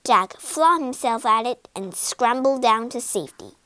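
Expressive high-voiced woman reading a storybook. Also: unhurried, dry recording. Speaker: narrator. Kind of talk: storybook narration.

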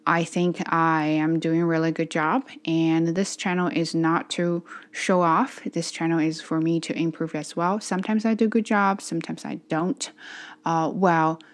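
A tired woman talking in a casual personal vlog, earnest and self-reflective, speaking in halting phrases as she practices her English. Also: deep voice, flat delivery. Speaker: channel host practicing English.

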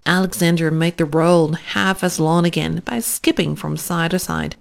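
A woman reading a children's story aloud in a gentle, unhurried way. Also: lowish voice, vocal fry.

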